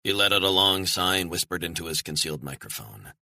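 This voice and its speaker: A man reading a thriller audiobook in measured, storytelling narration. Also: extremely low pitch, animated, bright, forceful tone, slightly rough, dry recording.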